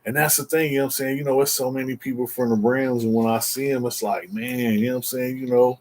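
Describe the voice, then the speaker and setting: A man with a mid-range, darkish voice speaks quickly and steadily with few pauses, over slight background noise. As an interview guest, he casually tells a story in slangy street talk, rambling with restarts and repeated words while constantly saying "you know what I'm saying."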